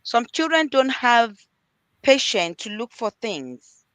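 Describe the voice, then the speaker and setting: A woman's voice: on the high side, sing-song, slow, fairly bright tone. A middle-aged woman, an early years practitioner, earnestly giving parenting advice as a panel guest and acting out talks with children. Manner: earnest, repeats key points, acts out dialogues with children.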